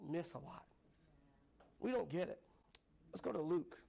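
High-voiced playful male preacher. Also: lively intonation, a little slow, gravelly, dark tone, husky. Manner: playful, call-and-response, laughing often. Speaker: pastor. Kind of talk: sermon. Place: church sanctuary.

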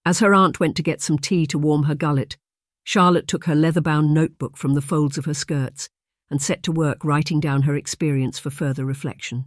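Steady audiobook narrator, dry close sound. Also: mid-range voice, brisk, no room sound.

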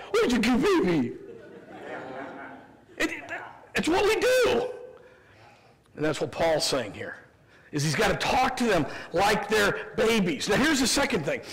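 A man with a Midwestern American accent, preaching a sermon as pastor, animated and humorous with quick asides. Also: very high voice. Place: church sanctuary. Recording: church sanctuary with long reverb.

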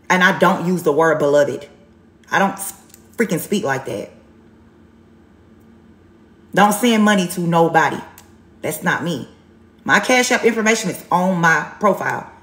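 A woman's voice: fairly low pitch, fairly bright tone, echoey room. A woman giving a live tarot reading, blunt and sassy, repeating herself for emphasis. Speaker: tarot reader on a livestream.

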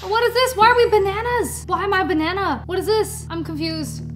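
Very high-voiced excitable woman gamer. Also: brisk. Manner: excitable, squealing and shrieking reactions. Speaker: gaming YouTuber. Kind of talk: excited gameplay commentary. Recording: game music playing behind.

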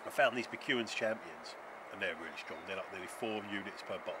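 A man's voice: sits low, fairly quick, background noise. A man chatting casually at a forest camp, swearing and laughing as he tells stories. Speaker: channel host.

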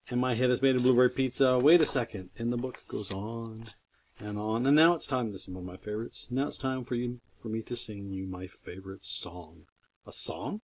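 An older grandfather reading a silly children's book aloud, playful and mock-exasperated, breaking into loud silly voices. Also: mid-range voice, moderate pace, slight background noise. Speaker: reader.

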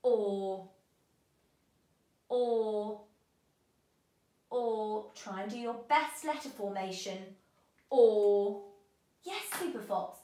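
A woman teaching a children's phonics lesson, giving bright, sing-song encouragement to young learners. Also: medium pitch, drawn-out words, pauses often, roomy sound.

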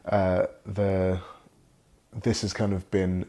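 A young man from Britain, speaking as a guest in a reflective conversation, in a measured, polished and professional way. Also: deep voice, monotone, mellow. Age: young adult.

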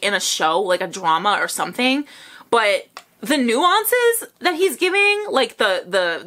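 A high-voiced young woman reacts to a music video, gushing and squealing in a lively, bouncing voice. The song plays loudly behind her the whole time. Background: music video playing.

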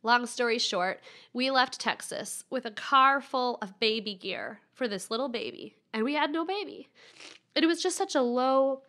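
A woman's voice: fairly high pitch, expressive, moderate pace, sharp tone. A woman in her thirties, a podcast guest candidly telling a personal story.

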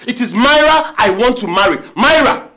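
A man's voice: very high-pitched, animated, normal speed, pushed and bright, heavily acted. A man with a Nigerian accent playing a young man who defends the woman he loves to his mother. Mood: pleading. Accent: Nigerian English. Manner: pleading, insistent. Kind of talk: film drama acting. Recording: echoey room with film music.

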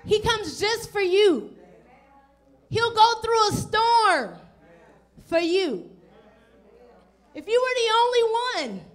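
A woman's voice: very high-pitched, takes it slowly, long pauses. A woman pastor preaching a sermon to an online congregation, asking direct questions and acting out the people in the story. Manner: animated, acts out voices of people in the story.

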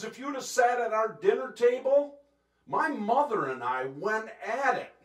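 A man's voice: high voice, moderate pace. Intense preaching man, echoey church. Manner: intense, animated preaching with laughs and acted quotes. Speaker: pastor. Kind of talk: sermon. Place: church sanctuary.

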